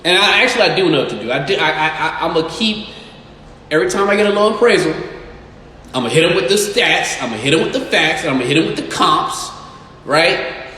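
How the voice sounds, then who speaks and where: A man's voice: a little high, expressive, brisk, sharp tone. A man who is a real estate investor and agent, talking casually and bluntly to his followers, with emphatic, swearing delivery. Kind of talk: casual live-stream talk to followers. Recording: very echoey room with long reverb and faint noise.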